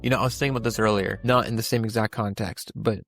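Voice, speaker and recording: A man's voice: lowish voice, fairly even intonation, fast talker, creaky, a bit bright, soft background music. A young man co-hosting a podcast, talking through a Bible passage in a casual, rambling way with many restarts and fillers. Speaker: podcast co-host.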